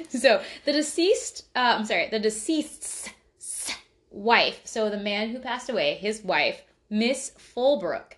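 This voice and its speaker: A woman's voice: on the high side, sing-song, takes it slowly. A woman hosting a casual podcast chat, who swears freely, laughs often, and keeps stopping to correct herself. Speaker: podcast host.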